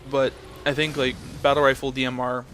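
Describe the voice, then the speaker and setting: A man's voice: mid-range voice, flat delivery, fairly quick, a bit bright, slight background noise. A young man ranting in a blunt, profane way, telling a story and then commenting on his game footage. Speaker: gameplay commentator.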